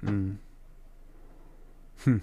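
Male podcast host, mellow tone, halting questions on a video call. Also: soft background music. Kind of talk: interview questions.

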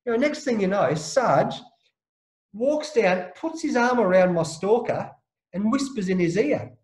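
An Australian man telling a story as an interview guest, lively and blokey, acting out the voices of the people in his tale. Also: high-pitched, unhurried, roomy sound, low-quality recording. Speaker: interview guest, former captain. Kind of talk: animated anecdotal storytelling.

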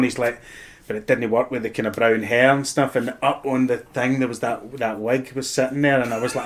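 Scottish man, mid pitch, swears freely, laughs through anecdotes, casual podcast storytelling. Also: fairly even intonation, fairly quick, fairly bright tone. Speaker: guest actor.

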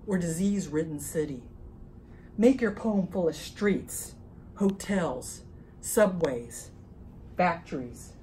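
A woman performer giving a slow, deliberate spoken-word reading in short phrases at an apartment concert, recorded on a phone camera across the room. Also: lowish voice, darkish tone, a little hiss or hum, low-quality recording. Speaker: experimental music performer.

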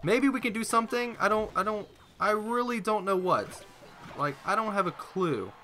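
A man's voice: high voice, lively intonation, normal speed, bright, forceful tone, faint music behind. A young man giving rambling, self-mocking live commentary while playing a mobile game. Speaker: gaming YouTuber.

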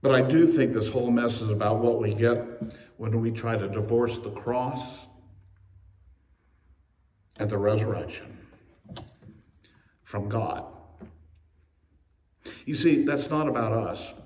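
A male pastor preaching a sermon with emphasis, slowing on key phrases and speeding through asides. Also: medium pitch, a little mellow. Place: church sanctuary. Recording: echoey church from a distance.

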